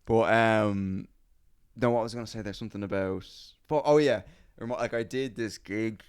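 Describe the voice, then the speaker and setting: A man's voice: on the low side, moderate pace, smooth. A man hosting a comedy podcast, telling a rambling story in casual chat, acting out quoted voices and swearing freely.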